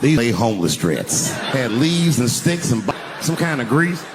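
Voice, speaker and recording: A man's voice: medium pitch, measured pace, music in the background, a crowd in the background. A man doing stand-up, telling a story with profanity and acting out the scenes. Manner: animated, profane, acts out scenes. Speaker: stand-up comedian.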